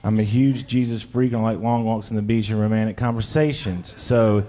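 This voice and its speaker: A man with a lowish, warm, steady voice performs stand-up a little fast before a laughing comedy club crowd. He tells crude confessional jokes at his own expense and quizzes audience members directly.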